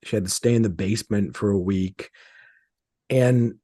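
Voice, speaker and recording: Middle-aged male author guest, lowish husky voice, halting delivery, dry sound. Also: warm tone, dry recording. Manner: hesitant, many fillers and restarts. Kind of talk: conversational interview.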